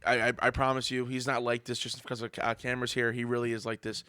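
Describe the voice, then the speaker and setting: A man hosting a casual podcast chat, hoarse and out of breath from laughing, gushing and chuckling between plugs. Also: mid-range voice, level tone, fast, bright, forceful tone, no echo. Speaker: podcast host.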